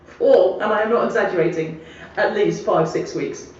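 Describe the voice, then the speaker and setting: A woman's voice: medium pitch, moderate pace. Chatty woman recounting an anecdote, muffled and distant in a very echoey room. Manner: chatty, animated, laughing at her own story. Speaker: storyteller sending a voice message. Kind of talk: casual spoken anecdote. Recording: echoey, muffled playback heard from afar.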